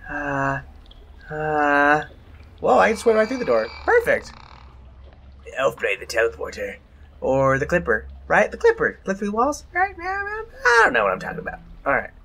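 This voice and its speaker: A man's voice: a little high, vocal fry, sharp tone. A young man playing a horror game, jumpy and exclaiming, often mocking himself. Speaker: let's play gamer.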